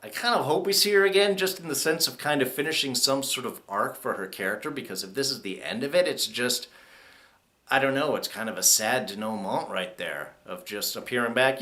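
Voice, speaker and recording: A man reviewing a TV episode in a casual spoken way, chatty and quick to act out characters' lines in mock voices. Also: medium pitch, pushed and bright. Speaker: TV show reviewer.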